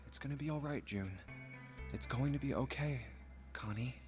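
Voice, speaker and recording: A man voicing a protective young man in a video game, gentle and soothing, urgent when he calls out. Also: mid-range voice, moderate pace, lightly acted. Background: game music.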